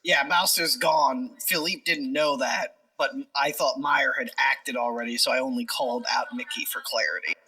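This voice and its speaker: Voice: mid-range voice, normal speed, few pauses, sharp tone, far from the mic, poor audio. A tabletop game player who thinks aloud and explains tactics at length. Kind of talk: tabletop role-play chat.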